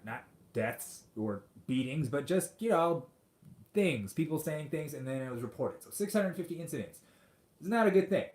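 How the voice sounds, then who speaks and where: A man's voice: on the high side, animated, moderate pace, a little mellow. A man in his forties hosting a podcast, delivering a profane, sarcastic rant into a microphone. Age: 40s. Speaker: podcast host. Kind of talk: ranting monologue. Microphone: studio microphone. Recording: roomy echo.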